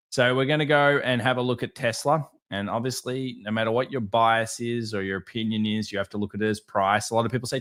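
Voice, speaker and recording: A man giving casual live market commentary, talking over charts and answering viewer chat with candid quick asides. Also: medium pitch, fairly bright tone. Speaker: market analyst streamer.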